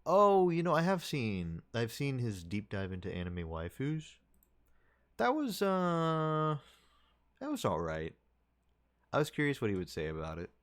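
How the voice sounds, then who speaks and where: A man's voice: mid-range voice, big pitch swings, unhurried. A man streaming and chatting casually with his viewers, rambling and restarting his sentences with little chuckles.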